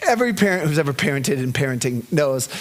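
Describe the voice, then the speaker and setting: A man preaching as a pastor, telling a personal story in an animated way that swings between loud bursts and hushed, gentle reciting. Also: fairly high pitch, fast. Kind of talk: sermon storytelling.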